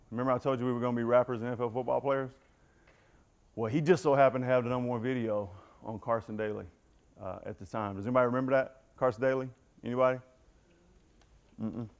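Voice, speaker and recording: A middle-aged man giving a candid personal recovery talk to a football team, telling his story and addressing the room directly. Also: medium pitch. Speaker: motivational speaker.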